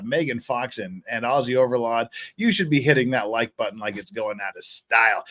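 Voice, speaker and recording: A man hosting a casual livestream, joking and laughing with his guests and asking viewers to hit the like button. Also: medium pitch. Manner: animated, jokey, laughing often. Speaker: livestream host.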